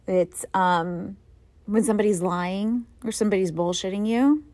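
A middle-aged woman talks casually as a podcast host, rambling and poking fun at herself. Her voice sits at an ordinary middle pitch. The recording is dry and close. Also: moderate pace, a little mellow, no room sound. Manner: rambling, self-mocking storytelling with frequent laughs. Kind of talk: casual chat.

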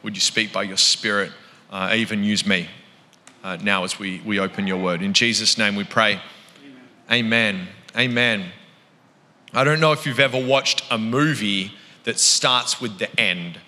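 A man's voice: fairly low pitch, normal speed, sharp tone. A man with an Australian accent preaching a sermon as a guest speaker, chatty and joking at his own expense. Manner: chatty, joking, self-deprecating. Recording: reverberant church hall.

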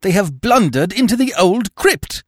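A man's voice: lowish voice, big pitch swings, measured pace, dry recording, clean studio sound. A man voicing a grimly purposeful male investigator who speaks in clipped, urgent commands.

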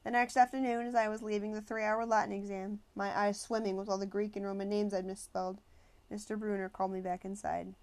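A woman narrating a first-person novel as an audiobook, measured and expressive. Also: medium pitch.

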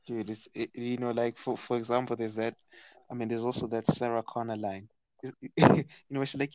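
A man's voice: mid-range voice, normal speed, no room sound. Stammering South African man saying "dude". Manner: excitable, stammers and repeats "dude". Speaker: podcast co-host. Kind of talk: casual chat.

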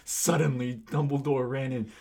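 A man's voice: medium pitch, steady tone, moderate pace, warm tone. A young man co-hosting a podcast, reading fan fiction aloud and often laughing and interrupting. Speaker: podcast co-host.

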